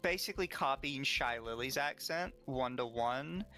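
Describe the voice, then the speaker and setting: A man's voice: medium pitch, moderate pace, sharp tone, soft background music. A young adult man co-hosting a casual streamed podcast, explaining things bluntly to the chat. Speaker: podcast co-host.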